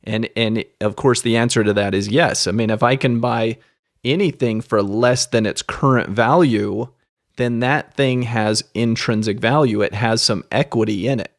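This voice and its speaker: A man with a mid-range voice backs up the lesson, agreeing and then adding calm, measured explanations. The recording is dry and close. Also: mid-range voice, no room sound. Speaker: co-host. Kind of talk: casual explaining.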